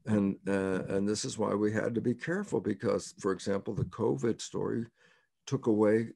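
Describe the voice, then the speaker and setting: An older man with a low, gravelly voice gives an emphatic explanation and keeps returning to his key words. He often quotes himself as he speaks. The sound is dry and close, with no room echo. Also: fairly even intonation, normal speed, mellow. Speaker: interview guest, scientist. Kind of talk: explanatory interview talk.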